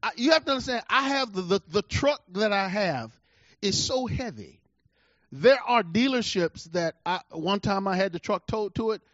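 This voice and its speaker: A middle-aged male preacher with a high voice tells a personal story in his sermon. He is emphatic and swings from loud bursts to quiet asides. The sound is dry, dull and lo-fi. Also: lively intonation, normal speed, dry recording. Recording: dull lo-fi recording.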